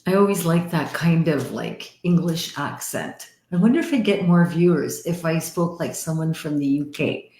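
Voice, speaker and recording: A woman from Canada hosts a live-stream card reading as a psychic medium. She talks in a chatty, animated way and laughs often, her voice sitting fairly low. The sound carries a roomy echo. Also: moderate pace, few pauses.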